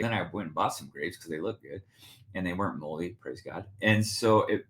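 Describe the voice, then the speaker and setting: Animated low-voiced male podcast host. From United States. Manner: animated, laughing, acts out quoted voices. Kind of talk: casual storytelling monologue. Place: Spokane, Washington.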